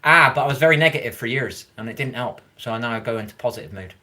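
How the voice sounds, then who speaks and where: A man's voice: mid-range voice, expressive, fast, sharp tone. A man chatting casually on a livestream, answering viewer comments in a rambling, frank way, swearing freely and encouraging his viewers.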